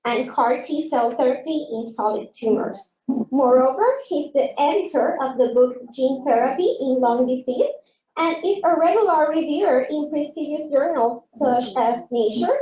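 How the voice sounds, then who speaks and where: A woman moderating a symposium, reading a formal, measured introduction of the next speaker from a script. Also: sits high, warm tone. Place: lecture hall. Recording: echoey, dull lo-fi hall recording.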